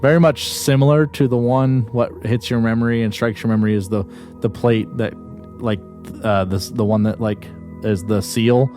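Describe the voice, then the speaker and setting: A man's voice: medium pitch, fairly even intonation, moderate pace, mellow, faint music behind. A man narrating as game master in a tabletop game, describing scenes loosely with many restarts.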